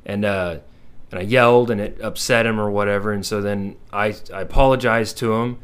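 A man and father in a casual podcast chat, telling lively stories and swearing freely. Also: lowish voice, brisk, smooth. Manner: animated storyteller, swears freely. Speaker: podcast co-host.

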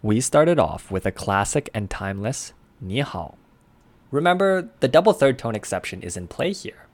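A man co-hosting a language lesson, explaining pronunciation in a clear, methodical way. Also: medium pitch, very animated, moderate pace. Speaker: language podcast co-host.

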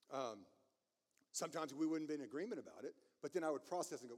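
A man's voice: fairly high pitch, animated, quick pace, darkish tone, slightly rough, long reverb tail. A man preaching a sermon, passionate and emphatic, laughing at himself now and then.

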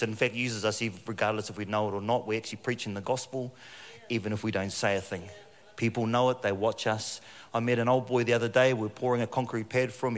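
A middle-aged New man preaching into a handheld mic, swinging between easy jokes and lively stories. His voice sits at an everyday pitch and rings out with a long reverb from the church hall. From New Zealand. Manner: jokey, animated storytelling with frequent laughs. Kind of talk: sermon.

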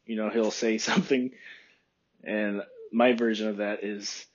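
A man from Texas hosting his podcast in a rambling, relaxed chat, with a phlegmy throat he keeps clearing. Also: medium pitch, measured pace, lo-fi sound. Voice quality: phlegmy, husky. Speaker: podcast host. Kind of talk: casual solo podcast chat. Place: room by a window.

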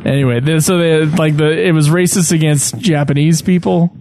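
A man's voice: on the high side, fairly even intonation, normal speed, background noise. A young man co-hosting a casual movie review podcast, laid-back, swearing and using lots of fillers. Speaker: podcast co-host.

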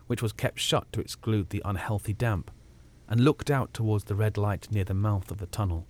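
Man narrating a ghost story, low and measured. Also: darkish tone. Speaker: audiobook narrator.

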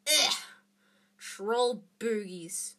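A woman voicing a brave young boy wizard who speaks in urgent, shouted lines while reading a storybook aloud. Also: fairly high pitch, sing-song, brisk, breathy edge, full character voice. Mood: shaken, quiet.

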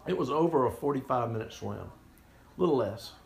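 A man's voice: mid-range voice, expressive, fairly quick, creaky. A man telling a personal story in a rambling, conversational way with frequent restarts. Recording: roomy echo, faint music behind.

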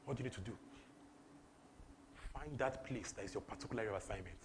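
A young man from Nigeria with a Nigerian English accent, preaching a lively sermon that repeats phrases and slips into pidgin. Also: on the low side, quick pace, noisy background. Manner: animated, repetitive, breaks into laughter and pidgin.

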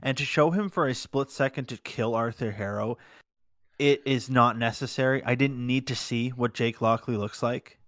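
A man's voice: mid-range voice, normal speed, fairly bright tone, no echo. Blunt opinionated man, dry sound. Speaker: podcast co-host. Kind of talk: casual chat.

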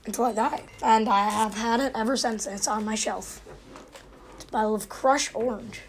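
A woman co-hosting a podcast in giggly, quick casual chat. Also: on the high side, fairly even intonation. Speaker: podcast co-host.

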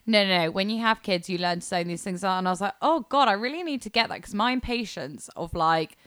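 A woman's voice: mid-range voice, lively intonation, fast talker, a bit bright, smooth, dry recording. A woman co-hosting a podcast, chatty and storytelling, swearing casually. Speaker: podcast co-host. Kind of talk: casual chat.

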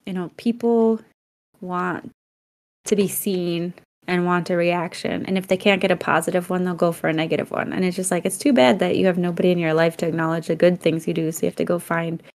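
Lower-voiced woman, animated storyteller. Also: a little fast. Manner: animated storyteller who acts out quotes. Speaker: podcast co-host. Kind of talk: casual chat.

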